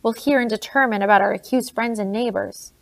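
A woman's voice: medium pitch, fairly even intonation, a little fast, gravelly, close to an everyday voice. A woman reading an audiobook, voicing an anxious, persistent colonial woman in her own plain voice. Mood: questioning.

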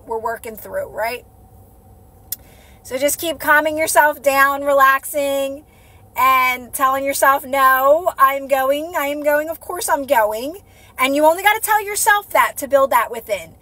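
A woman's voice: high-pitched, pushed and bright, dry recording. A woman coaching her viewers on a casual live stream, earnest and repetitive, often checking in with "right?". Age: adult with a child. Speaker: manifestation coach. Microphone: phone.

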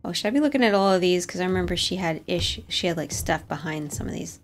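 A woman's voice: lowish voice, lively intonation, fast, slight background noise. A young woman commenting on a horror game, jumpy and nervous, swearing and talking herself through scares. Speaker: gaming streamer.

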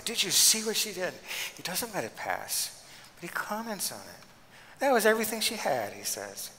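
A man, a pastor, giving a lecture with stories and acting out what people say in an emphatic, lively way. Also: medium pitch, long reverb tail, a little hiss or hum, low-quality recording. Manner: animated, emphatic, acts out quoted speech. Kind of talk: lecture with storytelling.

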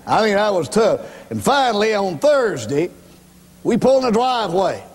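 A man's voice: high-pitched, sing-song, normal speed, husky, long reverb tail. A man preaching his testimony as an evangelist, telling his story dramatically and speaking straight to the congregation. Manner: dramatic storytelling, acts out voices; emphatic, addresses congregation directly. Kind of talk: sermon testimony.

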